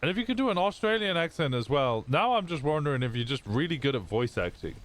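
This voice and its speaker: A man's voice: fairly high pitch, very animated, fast, a bit bright. A male streamer chatting casually out of character during a role-play stream, curious and swearing freely, often trailing off mid-sentence.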